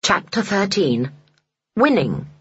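An expressive audiobook narrator with a husky, breathy voice that moves up and down in a lively way. The recording sounds dull and lo-fi. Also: medium pitch, slow pace. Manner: expressive storytelling.

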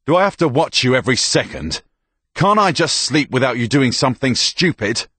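A man with a deep, gravelly voice, playing a gruff soldier in an audiobook who barks and scolds. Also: takes it slowly, no echo, exaggerated voice. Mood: angry. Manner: barking, scolding. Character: gruff, hot-tempered male soldier.

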